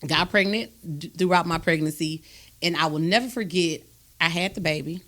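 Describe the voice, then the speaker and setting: A woman, hosting a podcast and telling a personal story in a candid, animated, emphatic way. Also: on the low side, moderate pace. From Texas, USA. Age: adult, raised a grown son. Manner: emphatic and animated, with frequent "do you understand me?". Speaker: podcast host.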